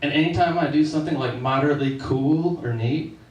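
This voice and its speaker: A man's voice: a little high, brisk, darkish tone, distant mic, slight background noise. A male stand-up comedian performing a set on a club stage, with a casual storytelling delivery. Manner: conversational, storytelling. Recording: echoey club room, slightly off-mic.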